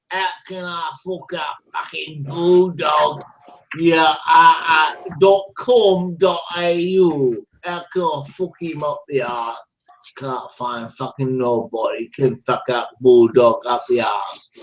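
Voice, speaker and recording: Man, high-pitched, heckles and swears throughout, drawn-out delivery, noisy recording. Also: muffled recording. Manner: swears constantly, taunting and heckling. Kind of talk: profane taunting rant.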